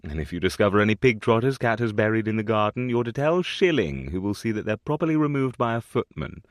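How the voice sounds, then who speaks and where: Guy doing a gentle duke dad, patient and reassuring, lively ups and downs, dry close mic. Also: lowish voice, fast, no echo, lightly acted. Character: gentle aristocratic father, a duke, patient and warm.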